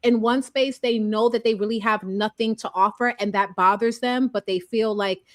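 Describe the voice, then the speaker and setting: A woman's voice: a little high, fairly even intonation, moderate pace, no room sound, clean studio sound. A woman co-hosting a casual podcast chat, talking things through with sudden bursts of emphasis. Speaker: podcast co-host.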